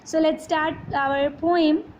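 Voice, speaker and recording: A woman teacher, reading a children's poem aloud in a slow, sing-song way with puffing sounds, and explaining words to her students. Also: sits high, steady tone, darkish tone, dull audio, slight background noise. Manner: addresses students as beta.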